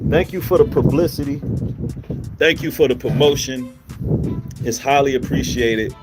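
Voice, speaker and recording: A man's voice: mid-range voice, normal speed, over loud music. A man in a replayed video clip, talking casually and taunting his listeners with the same lines over and over. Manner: taunting, repetitive, laughs between lines.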